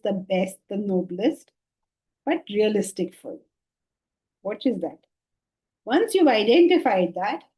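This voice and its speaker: A woman's voice: mid-range voice, mellow, breathy edge. A woman giving a spiritual lecture, emphatic and full of rhetorical questions. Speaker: spiritual teacher. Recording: dull lo-fi sound.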